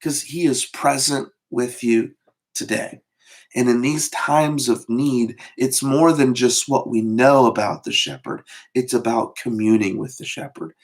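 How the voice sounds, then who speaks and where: Casual pastor, halting and conversational. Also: male voice, medium pitch. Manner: conversational, with many fillers and repeated words. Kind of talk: short devotional sermon.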